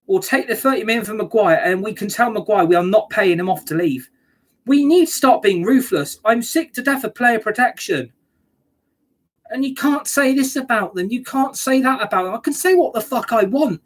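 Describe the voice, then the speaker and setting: A woman's voice: fairly high pitch, lively intonation, normal speed. A woman ranting angrily as a football fan reacting to a match, sweary and scornful.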